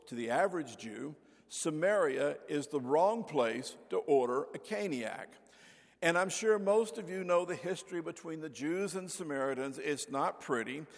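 An older man preaching a sermon as pastor, telling folksy stories and acting out the voices in them, with a gravelly voice. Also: on the high side, big-room sound. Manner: folksy storyteller, acts out voices. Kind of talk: sermon with anecdotes. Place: church sanctuary.

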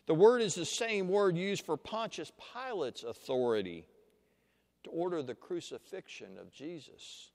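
A man preaching a sermon, teaching slowly and deliberately with dramatic pauses and leading listeners through an imagined scene. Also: a little high, lively intonation, a little mellow. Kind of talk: sermon with guided imagination exercise. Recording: long hall reverb.

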